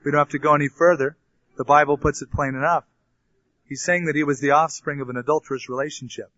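A man's voice: on the high side, fairly even intonation, fast, fairly bright tone, muffled recording. A male pastor teaching a Bible passage, reading scripture aloud and then explaining it in plain, casual asides. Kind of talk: expository Bible sermon.

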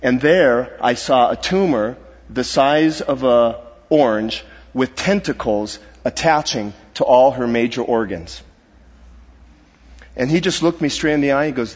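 A middle-aged man telling a personal story in a sermon, earnest and halting, his voice dropping to a hush at the grave parts. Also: mid-range voice. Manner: earnest, halting, dropping to a hushed voice at serious moments. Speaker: guest speaker. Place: church sanctuary. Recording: dull reverberant hall sound.

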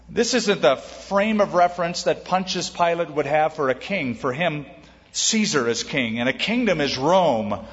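A man's voice: fairly high pitch, in a large hall, lo-fi sound. A male pastor teaching a sermon, explaining scripture with questions and lists.

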